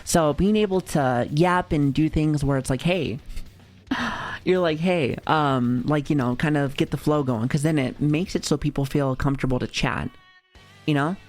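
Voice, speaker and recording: A man's voice: a little high, moderate pace, soft background music. An American man streaming, chatting casually with his viewers in a rambling, profane way, full of fillers and restarts. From United States. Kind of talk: casual livestream chat reacting to chat.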